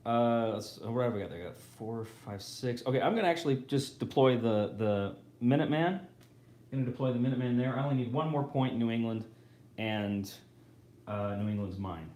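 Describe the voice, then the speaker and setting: A man's voice: medium pitch, a little fast, a little mellow. A man hosting a live board game playthrough, thinking aloud casually and correcting himself as he goes. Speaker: host. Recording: roomy echo.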